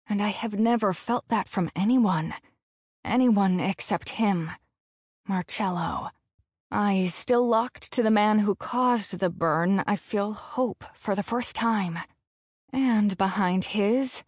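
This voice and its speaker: A woman's voice: medium pitch, no echo. A woman narrating a first-person audiobook in a frank, profane voice on a close studio mic.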